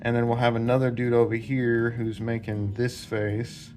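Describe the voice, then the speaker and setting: A man's voice: mid-range voice, monotone, moderate pace, a little mellow. Male book-channel host, casual lecturer, lots of "you know", mid-range voice, faint guitar bed. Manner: rambling, filler-heavy, sketches diagrams while talking. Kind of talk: casual explanatory talk at a whiteboard.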